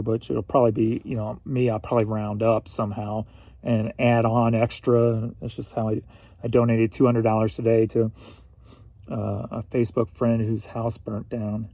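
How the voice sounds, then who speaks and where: In a casual solo reseller vlog, a man from St. Louis, Missouri rambles along, chatty and sometimes emotional. His voice is mellow and mid-range, recorded with no room sound.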